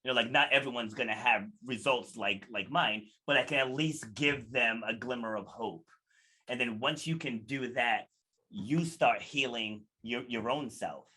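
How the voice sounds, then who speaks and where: A man's voice: mid-range voice, normal speed, bright, forceful tone, husky. A man speaking as an interview guest, earnest and motivational, retelling conversations as he gives advice. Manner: earnest and motivational, acts out quoted dialogue. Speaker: podcast guest. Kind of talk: casual interview storytelling.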